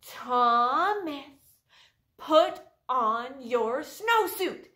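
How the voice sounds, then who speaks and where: A woman's voice: high-pitched, animated, bright, forceful tone, heavily acted. A woman doing a stern, fed-up mother. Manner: stern, slow commands. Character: angry mother giving firm orders. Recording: echoey library room.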